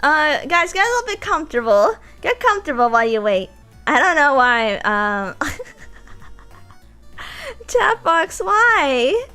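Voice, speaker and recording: A woman streamer in casual live-stream chat, slightly hoarse, giggling and chatting with her viewers. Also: sits high, lively intonation, normal speed, pushed and bright, soft background music.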